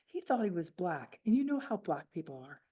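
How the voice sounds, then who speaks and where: A woman's voice: on the low side, sing-song, a little fast, warm tone, slightly rough, distant mic, muffled recording. An older woman acting out a defensive, prejudiced widow insisting her husband was a good man.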